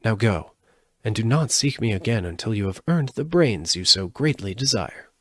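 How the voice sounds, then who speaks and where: A man voicing a lovely, powerful winged lady in a storybook reading, measured and haughty as she bargains. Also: fairly low pitch, expressive, no echo.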